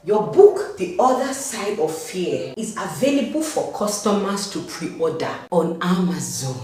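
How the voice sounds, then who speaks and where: A woman's voice: on the low side, dark tone. Exuberant Nigerian woman in echoey room. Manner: exuberant, repeats herself, laughs often. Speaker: author and vlogger. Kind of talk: excited casual vlog. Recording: echoey room with faint hum.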